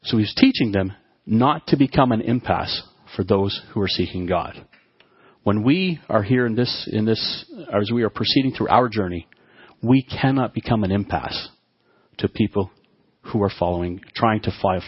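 A man with a low, husky voice delivers a sermon to his congregation. He often stops and repeats words before finding the phrase. The sound is dry and a little dull. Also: dry recording. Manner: halting, with frequent restarts and repeated words. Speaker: pastor.

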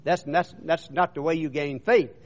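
A man's voice: a little high, fairly even intonation, normal speed, darkish tone. A man preaching a sermon, retelling scripture in an emphatic storytelling manner and often repeating words. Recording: dull muffled recording.

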